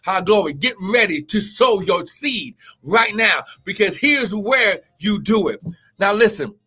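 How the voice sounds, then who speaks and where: A man preaching a Pentecostal sermon, exhorting in a rhythmic cadence with repeated cries of glory, often rising to a shout and breaking into tongues. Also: high voice, expressive, measured pace, breathy edge. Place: live stream.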